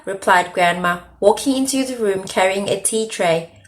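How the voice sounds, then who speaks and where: A woman reading a children's story aloud with expressive storytelling. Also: on the low side, moderate pace. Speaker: storytime reader.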